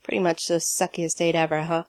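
A woman's voice: sits low, little pitch movement, brisk, no echo, studio quality, close to an everyday voice. A woman reading a story aloud, voicing a nervous, eager young man on a date who stammers and trips over his words. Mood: hesitant. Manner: stammering, bashful and earnest.

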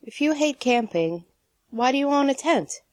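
A woman's voice: sits high, lively intonation, moderate pace, a little mellow, dry recording, clean studio sound, voice pushed up. Woman voicing a flustered young man. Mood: hesitant. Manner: stammering, bashful and earnest. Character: nervous, eager young man on a date.

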